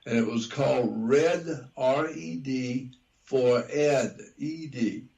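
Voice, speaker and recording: An older man speaks slowly with a gravelly, creaky edge. He lectures in a repetitive, deliberate way, going back over his points during a conversational interview. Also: mid-range voice, a little mellow, dull audio. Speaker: guest researcher.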